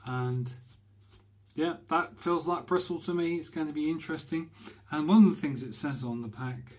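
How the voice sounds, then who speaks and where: A man's voice: on the high side, normal speed, darkish tone. A man talking casually to camera in a small bathroom, chatty and hesitant, with many fillers as he describes a shaving brush. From Britain. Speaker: shaving vlogger.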